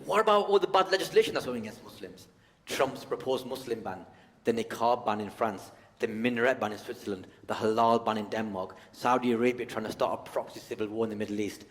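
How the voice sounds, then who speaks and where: A man from the UK doing a stand-up routine, animated, often breaking into high-pitched shouted rants. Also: fairly quick, long reverb tail. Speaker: stand-up comedian.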